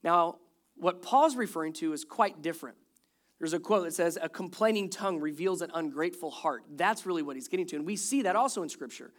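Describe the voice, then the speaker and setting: Pastor preaching, middle pitch, tells bible stories with lots of energy, jokes around with the crowd. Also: brisk. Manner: animated storytelling, acts out quoted complaints; jokes with the congregation. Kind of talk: sermon.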